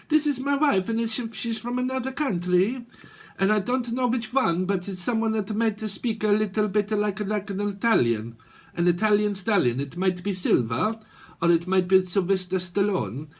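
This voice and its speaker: A man voicing a chatty foreign man who speaks broken English in a halting, sing-song way. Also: medium pitch, fairly even intonation, natural voice. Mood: playful.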